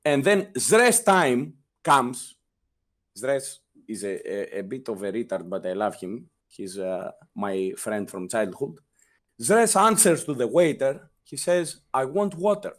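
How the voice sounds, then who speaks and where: An animated young man with a European accent, telling stories as an interview guest. He swears freely and slips into the voices of the people in his anecdotes, with his pitch climbing when he quotes them. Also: slow. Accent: European non-native English. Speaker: guest, former guild leader. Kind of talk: casual interview storytelling.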